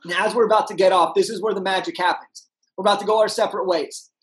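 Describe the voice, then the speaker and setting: A young man, a podcast guest, telling an energetic story and acting out the people in it. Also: high-pitched, fast talker, low-quality recording. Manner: animated, acts out voices in his anecdotes.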